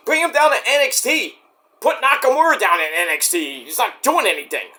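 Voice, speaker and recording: High, bright-voiced man ranting casually. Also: animated, a little fast. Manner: profane, rambling, acts out quoted voices. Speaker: wrestling commentary vlogger. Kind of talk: casual rant.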